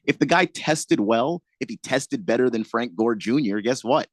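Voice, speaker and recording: A man co-hosts sports talk on the radio and argues his points in a measured, reasoning tone with a touch of skepticism. His voice sits at an ordinary middle pitch for a man. The recording is dry and close to the mic. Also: animated, dry recording.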